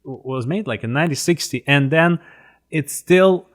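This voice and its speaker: A man from Russia with a Russian accent hosting a casual interview, speaking haltingly with frequent restarts. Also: a little high. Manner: halting, with many restarts and fillers. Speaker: interview host.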